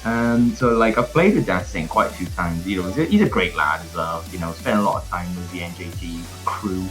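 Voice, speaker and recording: A low-voiced man with lively intonation talks briskly as faint music plays behind him. He's a Welsh-accented tournament caster from South Wales, calling an online fighting game event from indoors at home in a casual, playful stream that gets viewers excited.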